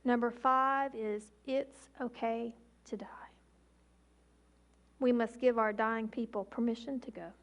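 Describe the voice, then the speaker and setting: A woman in her forties, an emergency physician, giving an emphatic public talk with slow, deliberate pauses. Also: fairly high pitch.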